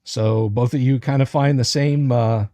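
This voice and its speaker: Describing objects slowly and carefully, a male game master leads a tabletop livestream in an unhurried way, hesitating with frequent fillers and restarts. His mid-range voice is steady and warm, recorded dry and close with no echo or surrounding room.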